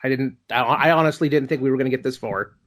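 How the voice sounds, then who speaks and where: A young man hosts a podcast in a loose, chatty way, joking with his co-hosts and stopping to correct himself. His voice sits at a middle pitch for a man. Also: fast talker. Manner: chatty, self-correcting, jokey. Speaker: podcast host. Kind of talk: casual chat.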